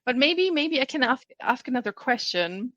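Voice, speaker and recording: Woman podcast guest, loose and rambling, a bit high-pitched, dry close sound. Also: sing-song, normal speed, a bit bright, no room sound, lo-fi sound. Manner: casual, rambling, frequent restarts. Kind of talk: casual podcast chat.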